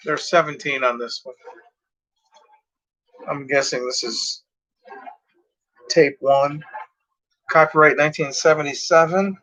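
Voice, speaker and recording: A man's voice: fairly high pitch, steady tone, takes it slowly, long pauses, pushed and bright, low-quality recording. A tired, yawning man rambling casually as he reads out track lists from his cassette tapes. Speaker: music collector reviewing cassette tapes.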